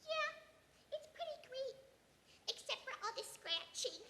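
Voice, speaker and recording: A woman voicing an itchy young child with chicken pox, in a squeaky, cheerful, matter-of-fact voice. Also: sing-song, a little slow, sharp tone, big-room sound, a little hiss or hum, full character voice.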